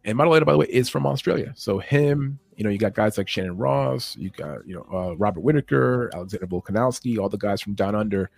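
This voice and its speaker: A creaky, fairly low male voice with a darkish tone and no room sound goes through fight betting lines like a casual podcast. The MMA betting analyst is fast and loose, often restarts what he's saying, and chuckles at his own remarks.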